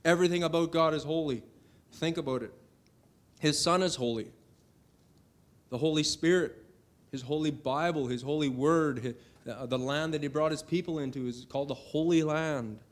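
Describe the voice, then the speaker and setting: Middle-aged male preacher, fairly high voice, earnest sermon delivery with emphatic swells. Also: normal speed. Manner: earnest preaching, rising to emphatic declarations on scripture.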